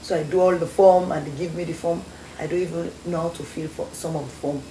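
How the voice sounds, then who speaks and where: Young Sierra Leonean woman, guest, lively storyteller; low warm voice, echoey room. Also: quick pace. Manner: animated storyteller acting out quoted voices. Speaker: guest, former beauty queen. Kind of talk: storytelling interview. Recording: echoey studio with faint noise.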